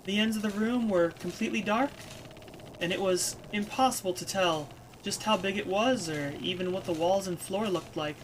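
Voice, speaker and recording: A woman's voice: mid-range voice, moderate pace, a little hiss or hum, low-quality recording. A woman streamer who reads a story game aloud and breaks off into casual, chatty asides. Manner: casual, chatty, with fillers between reading.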